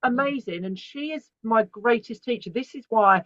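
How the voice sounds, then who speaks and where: A middle-aged woman on a dry, dull-sounding recording, speaking as an interview guest. Her voice sits a little high and she tells her stories in a frank, lively way, swearing now and then. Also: normal speed, no room sound. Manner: animated, frank storytelling with swearing. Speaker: guest artist. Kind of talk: candid interview conversation.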